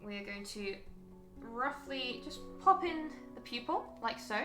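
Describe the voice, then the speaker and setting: A woman's voice: fairly high pitch, lively intonation, measured pace, sharp tone, echoey room, faint music behind. A woman chatting casually and thinking aloud as she walks viewers through a live painting stream. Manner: chatty, thinking aloud while working, frequent ums.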